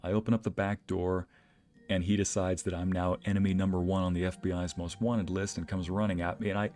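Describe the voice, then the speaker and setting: Deep-voiced man telling laughing stories. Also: a little fast, soft background music. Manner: laughing often, animated anecdotes. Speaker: streamer and narrator. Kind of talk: casual storytelling chat.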